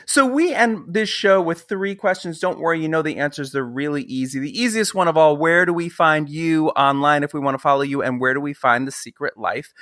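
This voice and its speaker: Host: affirming, gently reassuring, casual interview chat, dry close sound. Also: medium pitch, brisk, few pauses, dry recording.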